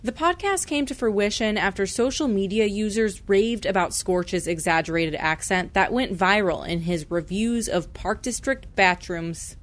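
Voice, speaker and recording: A woman radio reporter in scripted news narration, clear and measured. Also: medium pitch.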